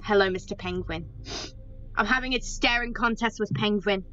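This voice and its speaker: A woman's voice: medium pitch, normal speed, a bit bright, a little hiss or hum. A young woman chatting casually while playing a horror game with a friend, playful and giggly. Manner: giggly, playful, often laughing. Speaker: gamer. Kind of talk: casual gameplay chat. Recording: dull lo-fi game voice chat with music.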